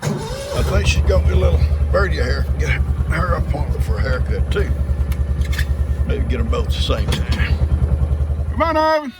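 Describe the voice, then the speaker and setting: A man's voice: a little high, very animated, normal speed, heavy background noise. An older man, chatting casually to his farm animals and viewers outdoors. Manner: folksy, talks sweetly to his animals. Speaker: farm vlogger.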